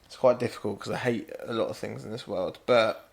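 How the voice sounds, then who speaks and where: A man's voice: on the low side, brisk, creaky. A young man, co-hosting a podcast in casual chat, ranting and swearing freely. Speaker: podcast co-host.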